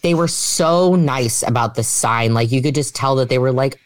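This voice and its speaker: A podcast co-host in casual chat, enthusiastic, with quick asides. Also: medium pitch, dry recording, studio quality.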